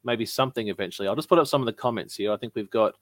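A man's voice: lowish voice, rapid-fire, dry recording. A man co-hosting a casual live-stream podcast, chatty, laughing often and reading viewer comments aloud. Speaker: podcast co-host.

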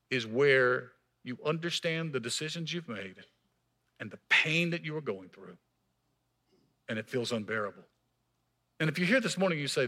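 A man preaching a sermon in a church as pastor, emphatic, swinging between raised passages and hushed, quiet lines. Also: mid-range voice, animated, moderate pace, long pauses.

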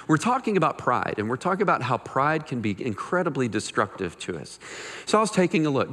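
A man preaching a sermon, animated and conversational, reading scripture aloud and adding jokes and asides. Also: fairly high pitch, big-room sound. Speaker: pastor.

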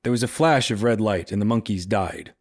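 Man reading a story, dry and steady. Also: on the low side, brisk, no echo. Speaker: reader.

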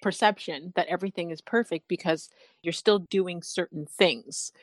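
A woman's voice: on the low side, normal speed, no echo. A woman hosting a podcast in casual interview chat, earnest and openly emotional, laughing often. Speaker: podcast host.

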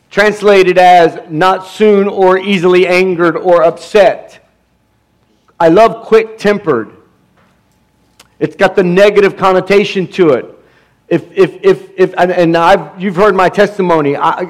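A middle-aged pastor with a high voice preaches a sermon with emphasis. He stumbles over restarts and asks the congregation for amens.

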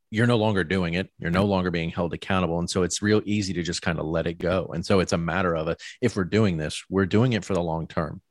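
A man hosting a casual podcast chat with friends, relaxed, swearing now and then and steering the group. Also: low voice, no echo, studio quality. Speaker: podcast host.

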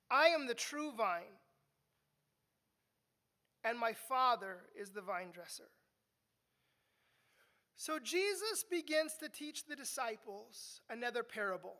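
Bright, high-voiced woman preaching. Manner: conversational teaching, repeats words when restarting. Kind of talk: expository sermon.

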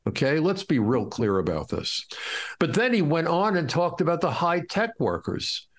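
A man's voice: on the high side, sing-song, moderate pace. A middle-aged man from the United States, a guest in an interview, telling stories from his life in an impassioned, indignant way. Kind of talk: storytelling in an interview.

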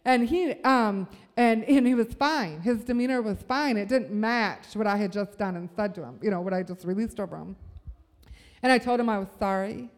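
A woman's voice: mid-range voice, moderate pace, big-room sound. A woman giving a sermon at a church service, telling a personal story and building to a fervent call to the room. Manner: earnest, storytelling, rising to fervent.

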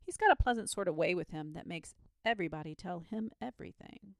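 A sensible country mother soothes her husband in a practical, kindly way, as a woman reads her lines. The voice is low and slightly gravelly, dry and close, in a storybook reading. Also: lively intonation, quick pace, no echo. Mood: soothing.

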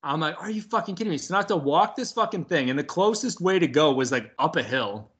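A man's voice: fairly high pitch, animated, fairly quick, fairly bright tone. A young man animatedly telling a story in casual chat, swearing often and laughing through it.

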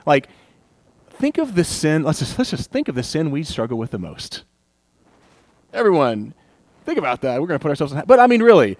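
A man's voice: on the high side, no echo. A young man giving a casual sermon, laughing often and acting out inner voices. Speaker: pastor.

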